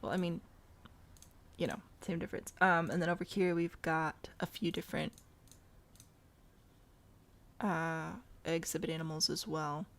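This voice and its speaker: A woman gives casual let's-play commentary on a zoo game and thinks aloud as she plans. Her voice has a gravelly fry to it. She talks back to the animals on screen. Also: deep voice, level tone, unhurried, long pauses, fairly bright tone. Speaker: game streamer.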